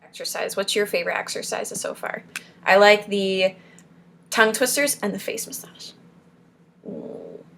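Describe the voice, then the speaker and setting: A young woman, a speech coach for a support group, leads a casual spoken exercise lesson, drilling syllables and tongue twisters aloud and chuckling between rounds. Her mid-range voice is gravelly, at a measured pace with long pauses, over a little hiss or hum.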